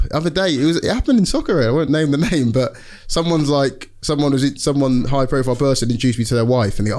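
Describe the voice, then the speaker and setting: A young man in casual conversation, chatty and animated as he tells stories from his work. His voice sits at an ordinary middle pitch, and he slips into quick impressions of other people mid-sentence. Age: young adult. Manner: chatty storyteller, acts out patients' lines. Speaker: football club doctor, podcast guest. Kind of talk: casual chat.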